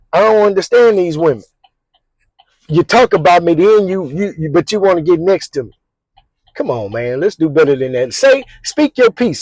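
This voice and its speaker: Man with a high voice, middle-aged, animated slangy storyteller, dry close sound. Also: no echo, poor audio. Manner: animated, slangy, repeats words and sound effects. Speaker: vlog host. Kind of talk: casual storytelling.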